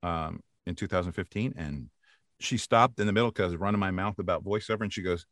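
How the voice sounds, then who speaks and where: An older man, a voice actor, tells stories with lots of energy, often laughing and acting out what people said. His lowish voice has a bright edge and sounds close and dry. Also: quick pace, dry recording. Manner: animated, laughs often, acts out quotes. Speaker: voice actor guest. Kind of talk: casual interview storytelling.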